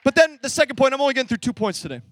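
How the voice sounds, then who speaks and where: A young man preaching a sermon, energetic and storytelling, acting out bits of dialogue. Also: very high voice, rapid-fire, faint music behind. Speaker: pastor.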